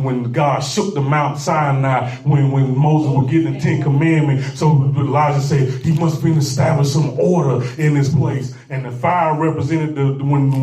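A man preaching a sermon with call-and-response, repeating phrases and building to shouts. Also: a little high, recorded from a distance. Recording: echoey room, voice off-mic.

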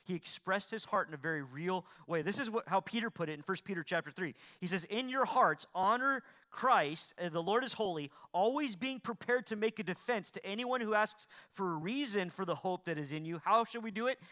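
A man with a high-pitched voice delivers a sermon, asking his congregation questions. His tone is bright and ringing, and he drops from loud, pointed emphasis to soft, pleading near-whispers. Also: animated, brisk, hardly any pauses. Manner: preaching with sharp swings between loud emphasis and quiet pleading; repeats lines for emphasis, asks the congregation questions. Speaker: pastor.

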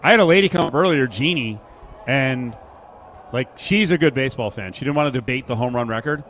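A man's voice: mid-range voice, lively intonation, fairly quick, fairly bright tone, slight background noise. A man hosting a casual sports radio show from a sportsbook, chatting, joking and reading live ads. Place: sportsbook broadcast booth.

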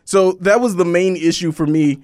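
Laid-back male co-host, high voice. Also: normal speed, darkish tone, no echo, clean studio sound. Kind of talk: casual chat.

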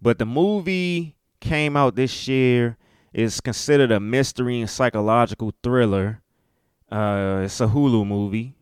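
A man hosting his own podcast, giving relaxed solo commentary with easygoing swearing and frequent chuckles. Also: medium pitch, measured pace, clear, resonant tone, no echo, studio quality. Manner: laid-back, swears freely, chuckles often. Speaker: podcast host.

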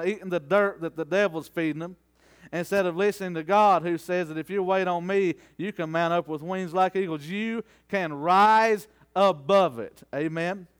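A man preaching a sermon, asking for amens and building from conversational storytelling into fervent, drawn-out declamation. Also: high voice, smooth. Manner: rhetorical call-and-response, rising into fervent slow declamation.

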